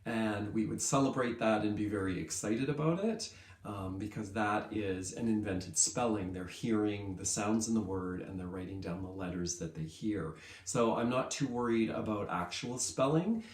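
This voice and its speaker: A male kindergarten teacher giving a lesson to young children in an upbeat way, stretching words out slowly so they can follow. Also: lowish voice, reverberant.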